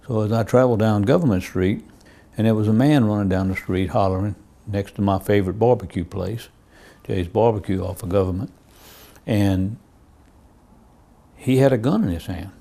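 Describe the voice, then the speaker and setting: Lower-pitched male cop telling case stories for a crime interview, plainly told, voicing the exchanges. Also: darkish tone. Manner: plain storytelling, acts out quoted dialogue. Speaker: police officer. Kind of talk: true-crime interview recounting cases.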